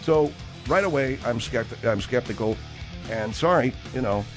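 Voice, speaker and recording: A man's voice: medium pitch, lively intonation, moderate pace, faint music behind. Combative, rambling male talk radio host.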